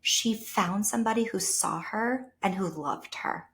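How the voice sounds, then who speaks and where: Guest spot: New York woman, teacher, animated storyteller who acts out the people she quotes, mid-pitched. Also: measured pace, vocal fry. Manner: animated storyteller, voices quoted people, sometimes drops to a whisper. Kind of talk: casual conversation.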